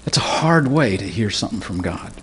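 A man preaching a sermon, reading scripture verse by verse and explaining it in a casual, conversational way, clearing his throat now and then. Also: lowish voice, big pitch swings, brisk, fairly bright tone, slight background noise. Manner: teaching through scripture verse by verse, conversational asides.

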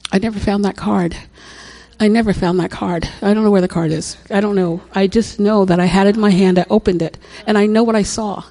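Older woman, gravelly fry, chatty storyteller, laughs often, mid-range voice. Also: medium pitch, fairly even intonation, brisk, mellow. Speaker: speaker sharing a testimony. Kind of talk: personal story, casual testimony.

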